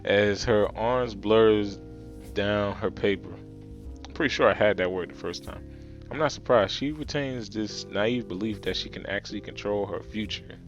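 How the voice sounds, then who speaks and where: Streamer, male, from New Jersey, low voice, reads game text with offhand jokes, faint music under. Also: moderate pace, lo-fi sound. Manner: casual, jokey, stumbles over words. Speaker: let's play streamer reading a visual novel. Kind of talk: reading game text aloud with asides.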